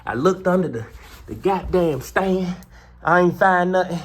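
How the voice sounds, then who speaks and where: A man vlogging about his pets, telling a story in a casual, animated way and swearing constantly. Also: high-pitched, measured pace, slight background noise. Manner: animated, profane, heavy cursing. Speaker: pet owner vlogger.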